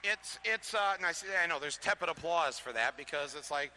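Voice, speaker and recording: A man's voice: fairly high pitch, animated, a little fast, bright, forceful tone. A man giving a live talk to an audience through a stage microphone, chatty and joking, with many restarts and small chuckles between points. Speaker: touring speaker addressing a live audience. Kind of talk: live political talk with comic asides. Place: public lecture venue before an audience. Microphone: amplified stage microphone.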